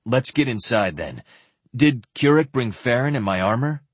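A man's voice: mid-range voice, animated, normal speed, husky, no echo. A man voicing a stern, grim male knight leader with firm, clipped speech.

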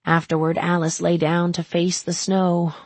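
A woman narrates an audiobook in a measured, even way. Her voice sits low and sounds husky with a gravelly edge, recorded close and dry. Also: no room sound. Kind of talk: scripted narration.

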